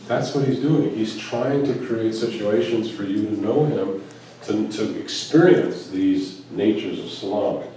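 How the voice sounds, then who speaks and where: A man's voice: on the low side, measured pace, mellow, slight background noise. A man giving a spiritual talk to a live gathering, telling a story with musing asides and chuckles. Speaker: Sufi teacher. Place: large hall at a spiritual retreat. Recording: echoey hall recorded from a distance.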